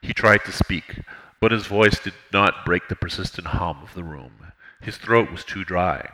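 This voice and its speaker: A man narrating an audiobook in a measured, steady reading. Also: low-pitched, rough recording.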